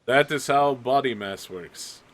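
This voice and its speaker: A man's voice: medium pitch, unhurried, fairly bright tone, close to an everyday voice. A man voicing a pompous, formal animal familiar that talks down to its owner. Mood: haughty. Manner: dry, condescending, formal speech. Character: pompous evolved animal familiar, male, noble and haughty.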